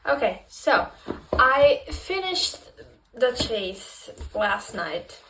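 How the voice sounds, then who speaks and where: A woman's voice: fairly high pitch, drawn-out words, echoey room. A young woman, not a native English speaker, ranting casually about a book she is reading. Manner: exasperated, swearing, animated retelling. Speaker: book vlogger.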